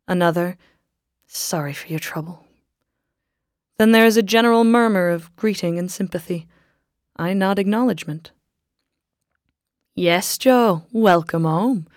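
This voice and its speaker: A woman with a lowish voice reads a first-person story aloud. Her delivery is measured and reflective. The recording is close and dry, with no room sound. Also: dry recording. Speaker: audiobook narrator. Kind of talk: scripted first-person narration.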